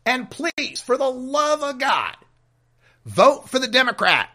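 A man's voice: extremely high pitch, sing-song, takes it slowly, pushed and bright. A man hosting a political podcast, ranting in an exasperated, pleading way with some swearing. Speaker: podcast host. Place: home studio with mic software.

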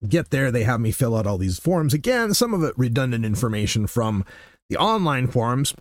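A man hosting a casual solo podcast, telling stories in an animated way and acting out what people said. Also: medium pitch, normal speed, no room sound. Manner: animated storyteller who acts out quotes. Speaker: podcast host.

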